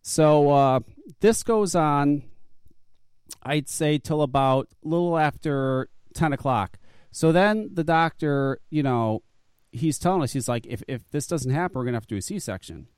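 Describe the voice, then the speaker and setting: A man's voice: a little high, lively intonation, a little slow, darkish tone, smooth, no room sound, studio quality. A man telling a long, profane story in casual chat, full of restarts and stammered repeats. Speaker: guest.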